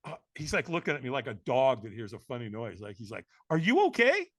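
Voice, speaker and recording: A man who is a podcast guest, telling a story in an energetic, emphatic way and acting out the other people in it. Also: mid-range voice, fast talker. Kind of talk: animated storytelling.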